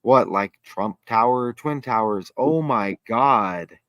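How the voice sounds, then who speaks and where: Excitable rambling man hosting a livestream. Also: fairly low pitch, slow, no echo, dull audio. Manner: excitable, rambling, thinks aloud while reading. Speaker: host. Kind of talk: casual livestream chat.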